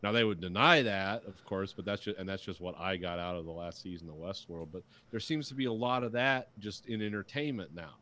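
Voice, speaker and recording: A man's voice: deep voice, a little fast, hardly any pauses, pushed and bright. A middle-aged man on a podcast, ranting in casual chat and swearing freely while he mocks what he dislikes. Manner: ranting, profane, mocking quotes. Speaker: podcast co-host.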